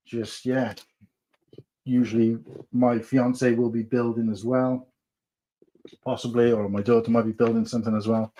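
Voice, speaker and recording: A man's voice: mid-range voice, a little hiss or hum. Chatty man hosting a stream. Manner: chatty, reads viewer messages aloud. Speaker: live stream host. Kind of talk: casual live-stream chat. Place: at home, building on the sofa.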